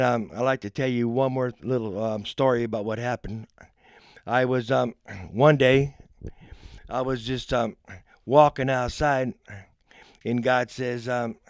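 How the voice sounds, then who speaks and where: A man's voice: mid-range voice, clean tone, no room sound, clean studio sound. A man telling folksy jokes and stories in a stand-up set, with frequent ums and restarts. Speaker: comedian and event entertainer.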